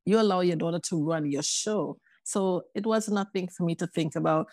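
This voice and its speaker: Guest: woman, low gravelly voice, lively storyteller who mimics others, dry close sound. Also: normal speed, no echo. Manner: animated, acts out quoted voices. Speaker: podcast guest. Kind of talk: casual personal storytelling.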